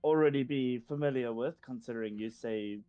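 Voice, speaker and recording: A man's voice: mid-range voice, a little fast, smooth, no room sound, phone-quality sound. A man playing a tabletop game, chatting casually in a hesitant, joking way. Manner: hesitant, joking, with many fillers. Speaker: player.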